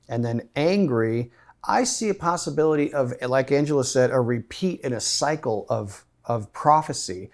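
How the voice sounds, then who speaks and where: A man's voice: mid-range voice, a little mellow. A man teaching a Bible study, asking questions and thinking aloud with a group in the room and online. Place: meeting room with online participants.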